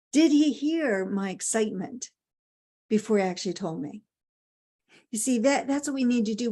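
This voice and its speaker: A middle-aged motivational speaker with a fairly high, warm voice delivers an emphatic talk. She repeats key phrases and poses rhetorical questions.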